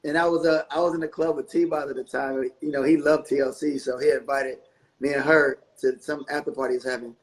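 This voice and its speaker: A middle-aged man, a guest musician telling stories in a casual interview, laid-back and quick to laugh. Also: mid-range voice, little pitch movement, poor audio. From North Carolina. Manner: laid-back, laughs often, repeats phrases.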